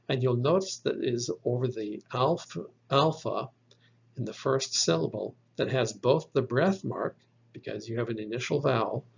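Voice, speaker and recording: A man teaching a slide-based lesson on Bible Greek, explaining slowly and patiently with a few fillers. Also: mid-range voice, creaky, breathy edge, muffled recording.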